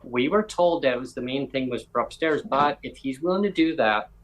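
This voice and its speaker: A man chats his way through a long, rambling story, stopping to act out what others said and restarting his sentences as he goes. His voice sits at an ordinary middle pitch, neither high nor low. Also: animated, a little fast, low-quality recording. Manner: rambling anecdote teller with voiced quotes and self-corrections. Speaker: podcast host. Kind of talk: casual storytelling chat.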